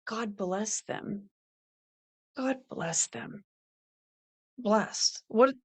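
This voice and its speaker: A middle-aged woman hosting a faith-based podcast, talking earnestly and reading scripture aloud. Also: medium pitch. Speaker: podcast host. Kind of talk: faith-based motivational talk.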